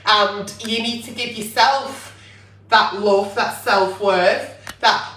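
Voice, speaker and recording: A woman's voice: mid-range voice, fairly even intonation, slow pace, bright, forceful tone, far from the mic. Blunt, sweary woman. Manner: blunt, sweary, fires rhetorical questions. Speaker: advice show host. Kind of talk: late-night advice chat. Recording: echoey room, away from mic.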